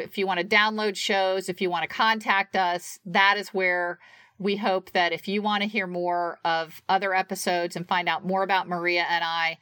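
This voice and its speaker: A woman's voice: medium pitch, pushed and bright, no echo. A woman co-hosting a podcast in casual chat, chatty and often laughing. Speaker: podcast co-host.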